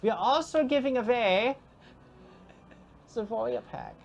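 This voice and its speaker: A woman's voice: medium pitch, sing-song, fast, husky, muffled recording. A woman voicing Alvin, a cheerful and morbid male ghost who presents prizes in a tabletop game, with a put-on accent and a sugary, delighted manner. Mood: sweetly morbid. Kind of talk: live-streamed tabletop game.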